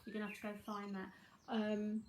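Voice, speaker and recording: A woman's voice: medium pitch, monotone, a little fast, noisy background. A woman with a London accent giving a chatty live psychic tarot reading from home, repeating herself as she talks to viewers.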